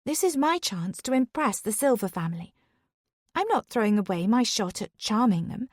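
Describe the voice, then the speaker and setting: A woman reading a first-person thriller audiobook in a steady, even way. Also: on the high side, moderate pace, no room sound, clean studio sound. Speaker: audiobook narrator.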